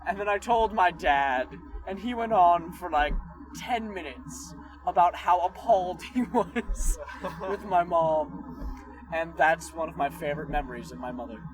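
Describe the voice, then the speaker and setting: A man co-hosting a podcast during a road trip, telling a funny family story in a lively, animated way. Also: on the high side, unhurried, music in the background, poor audio. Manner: lively storyteller who acts out quotes. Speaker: podcast co-host. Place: inside a car on a road trip.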